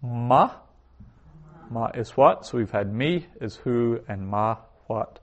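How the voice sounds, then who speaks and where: A man's voice: mid-range voice, lively intonation, lo-fi sound. A man teaching a recorded language lesson, saying each word twice and then explaining it. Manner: slow, repeats each word twice before glossing it. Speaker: Hebrew teacher.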